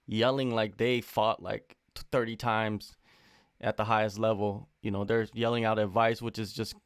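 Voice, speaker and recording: A man interviewing a fighter in a relaxed, agreeable way, with short reactions. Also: on the low side, normal speed, smooth, no echo, clean studio sound. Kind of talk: casual interview chat.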